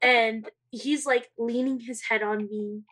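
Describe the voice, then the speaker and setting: A woman's voice: a little high, fairly even intonation, slow pace, a bit bright. A young woman co-hosting a podcast, animatedly telling a dating story, acting out the quotes, swearing and laughing often. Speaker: podcast co-host. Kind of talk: casual storytelling chat.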